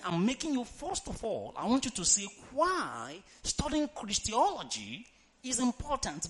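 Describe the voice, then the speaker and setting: A male preacher, delivering an emphatic sermon, reading scripture dramatically and urging the congregation to answer out loud. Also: high-pitched. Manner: emphatic, calls for congregation responses; reads scripture aloud in a dramatic tone.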